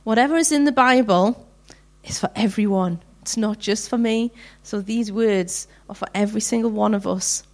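A middle-aged woman speaks to a women's gathering in a heartfelt, earnest devotional style. Her voice sits at an ordinary pitch, and she slows down and lifts her voice when she reads scripture. Her talk is sincere and personal. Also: a little mellow.

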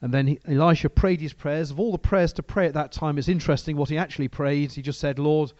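A man's voice: fairly high pitch, steady tone, quick pace, darkish tone, no room sound, dull audio. A man preaching a sermon and reading from the Bible, talking in a conversational way with frequent restarts.

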